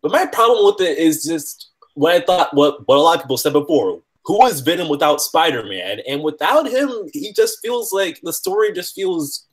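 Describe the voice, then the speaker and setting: A man's voice: fairly high pitch, animated, moderate pace, few pauses. A man co-hosting a casual podcast chat, thoughtful and searching for his words. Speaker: podcast co-host.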